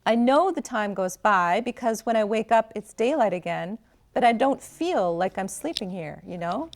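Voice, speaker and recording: A woman's voice: mid-range voice, expressive, normal speed, natural voice. A woman reading the part of a frank, curious teenage girl student, asking earnest, pointed questions.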